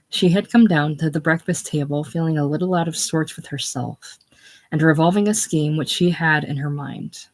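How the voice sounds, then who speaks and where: An audiobook narrator reading a classic novel. The reading is measured and even, with plain steady delivery. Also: mid-range voice. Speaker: audiobook reader.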